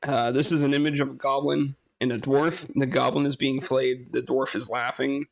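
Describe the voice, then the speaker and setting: A man's voice: mid-range voice, flat delivery, moderate pace, gravelly, dry recording, clean studio sound. A man casually talking through a game, hesitant and rambling, laughing often and swearing now and then. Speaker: gaming streamer. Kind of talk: casual gameplay commentary.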